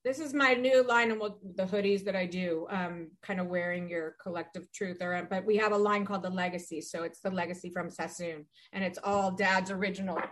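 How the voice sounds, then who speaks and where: A woman's voice: fairly low pitch, steady tone, a little fast, hardly any pauses, fairly bright tone. A middle-aged woman talking casually as a guest, rambling and acting out what people said. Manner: rambling, acts out quoted dialogue. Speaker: guest, Pilates studio founder. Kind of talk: casual conversation.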